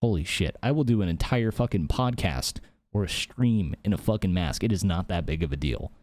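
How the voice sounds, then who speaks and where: A man's voice: sits low, lively intonation, fairly quick, a little mellow, no room sound. A man hosting his own podcast from a home office, rambling heatedly and swearing a lot. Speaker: podcast host. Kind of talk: casual solo podcast rant.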